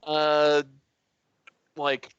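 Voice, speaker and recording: A man's voice: fairly high pitch, completely flat delivery, very slow, a bit bright, smooth, no room sound. A man playing in a tabletop game, rambling with many fillers and restarts. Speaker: player. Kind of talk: tabletop role-play chat. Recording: dull dry mic sound.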